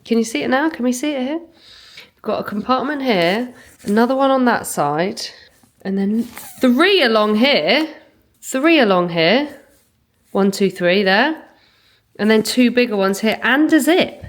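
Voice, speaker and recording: A woman's voice: a little high, lively intonation, measured pace, long pauses, roomy sound, rough recording. A woman chatting casually and gushing as she unboxes things at home in an unboxing vlog. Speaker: vlogger. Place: home, indoors.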